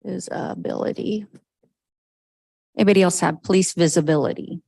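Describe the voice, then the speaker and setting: Gravelly-voiced woman leading a meeting. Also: on the low side, dark tone, dry recording, rough recording. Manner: brisk, encouraging, with frequent okays. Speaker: meeting facilitator. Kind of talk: leading a group discussion. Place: government meeting room.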